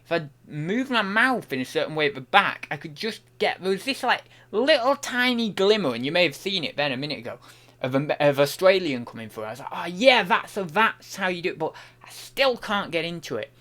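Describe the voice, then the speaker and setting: A man's voice: on the high side, big pitch swings, brisk, pushed and bright. A young man chatting casually on a livestream while working, thinking aloud and rambling with many restarts. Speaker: online reseller and streamer.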